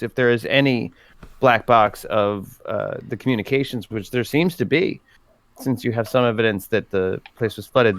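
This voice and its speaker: A man speaking in character as a tabletop game player, halting and breaking into laughs. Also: medium pitch, slight background noise. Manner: halting, with frequent fillers and laughter. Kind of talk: in-character tabletop role-play.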